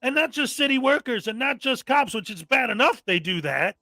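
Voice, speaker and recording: A man's voice: very high voice, expressive, brisk, vocal fry, sharp tone, dry recording, faint music behind. A man hosting a reaction commentary show, talking in an exasperated, mocking rant and often mimicking people angrily. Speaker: commentary host.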